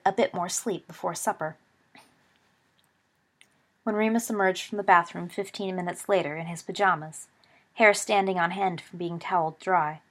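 A woman reading fan fiction aloud as an audiobook, in a steady storytelling manner. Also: mid-range voice. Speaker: audiobook reader.

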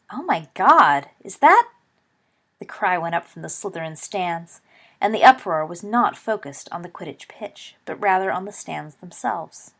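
Expressive woman reading a story aloud. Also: on the low side. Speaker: narrator. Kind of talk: audiobook reading of fan fiction.

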